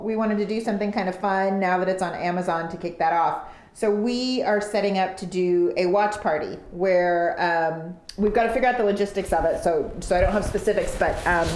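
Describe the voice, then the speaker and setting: A woman's voice: mid-range voice, darkish tone, reverberant. A woman co-hosting a podcast in a casual chat, upbeat as she explains plans and sets the record straight. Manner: upbeat, explaining plans and correcting her husband. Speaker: podcast co-host. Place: home studio.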